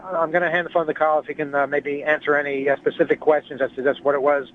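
A man's voice: on the high side, level tone, fast, slight background noise. A man calling in to a radio show, rambling through a story with many fillers and restarts. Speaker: caller phoning in to a radio show. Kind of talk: casual phone chat. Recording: muffled cell phone line.

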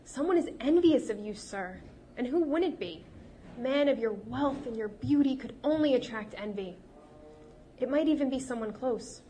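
A woman's voice: sits high, lively intonation, moderate pace, mellow, slight background noise. A woman playing a sly, sweet-talking healer. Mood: confiding. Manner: sweet, soothing, feigned sympathy. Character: cunning woman healer, sweetly falsely sympathetic.

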